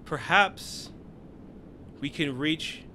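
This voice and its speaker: A man reading a cold, menacing demonic child spirit from a video game aloud, in a slow, low, ominous delivery. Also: bright, forceful tone, a little hiss or hum, full character voice.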